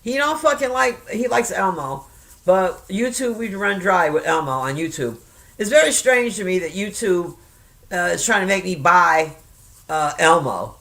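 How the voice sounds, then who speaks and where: A woman in her fifties talks casually to her viewers, rambling from one thought to the next. She swears freely and laughs easily. Her voice is bright and clear. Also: on the low side, lively intonation, a little slow. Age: 50s. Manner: rambling, profane, chatty; laughs often. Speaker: reaction vlogger. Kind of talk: casual chat.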